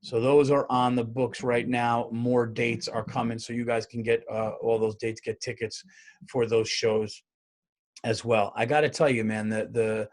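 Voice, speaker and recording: A man's voice: medium pitch, little pitch movement, a little slow. A man hosting his own podcast, riffing in a loose comedic monologue full of fillers and restarts, with a New York accent.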